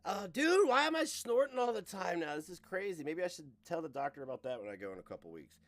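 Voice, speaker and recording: Male streamer, lively swinging pitch, profane ranting reaction chatter. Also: fast, dry recording. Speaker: livestreamer.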